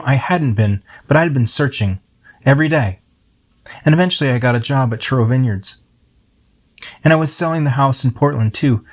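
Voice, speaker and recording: A middle-aged man reads his own poem aloud at a middle pitch. He tells it in a reflective, unhurried way, like a personal story. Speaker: poet.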